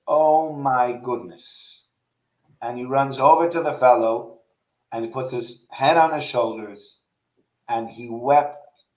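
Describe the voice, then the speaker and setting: A man's voice: mid-range voice, a little mellow. A man in casual conversation, telling a heartfelt personal story in an earnest way, with many restarts. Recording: echoey room.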